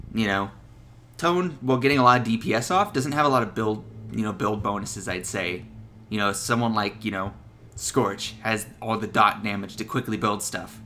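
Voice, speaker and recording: A man's voice: fairly low pitch, sharp tone, a little hiss or hum. A young man giving casual, profane gameplay tips as a voice-over, laughing at his own jokes. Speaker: gaming video creator.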